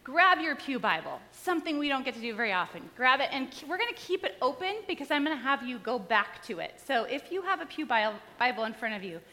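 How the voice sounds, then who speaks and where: A woman's voice: high voice, big pitch swings, quick pace, hardly any pauses, sharp tone. A woman pastor giving a sermon, telling stories from her life in an easy, conversational way with touches of humor. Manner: conversational storytelling with light humor. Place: church sanctuary. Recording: long reverb in a large hall.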